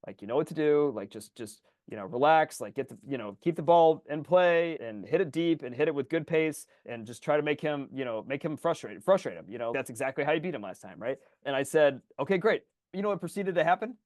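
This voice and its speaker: Lively fast-talking man, swearing storyteller. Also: fairly high pitch, dry recording, studio quality. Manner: animated storyteller, swears freely, acts out his own yelling. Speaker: podcast co-host. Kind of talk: casual chat.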